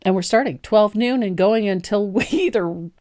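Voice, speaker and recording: A woman hosting a live painting tutorial, chatty and quick to laugh, poking fun at herself as she explains each step. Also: medium pitch, a little mellow. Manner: chatty, laughs easily, self-deprecating. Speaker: host and painting teacher.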